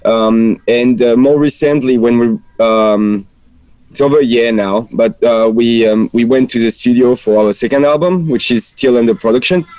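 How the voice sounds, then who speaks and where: A man with a French accent, a musician guest, talking in a relaxed, thoughtful way with many pauses and fillers, out in his backyard. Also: medium pitch, smooth, no room sound, poor audio. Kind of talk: casual interview chat.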